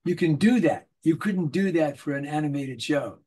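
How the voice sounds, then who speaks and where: In a casual interview, an older male voice actor speaks a little high with a slightly rough edge and normal speed. His anecdotes are animated, peppered with little acted-out voices.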